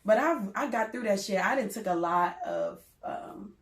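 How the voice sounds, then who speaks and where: A young woman in her twenties, a rapper telling stories in a casual interview, loud and animated, swearing and laughing often. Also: mid-range voice, normal speed, roomy sound. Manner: loud, animated storytelling with lots of profanity and laughter. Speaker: rapper guest.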